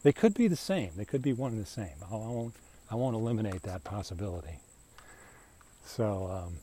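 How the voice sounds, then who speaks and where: A man's voice: fairly low pitch, lively intonation, fairly quick, warm tone. A man hosting a podcast as casual talk while he walks his dog outdoors, rambling and chatty, talking to the dog as he goes. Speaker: podcast host. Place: outdoors on a walk. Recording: faint outdoor noise with insects.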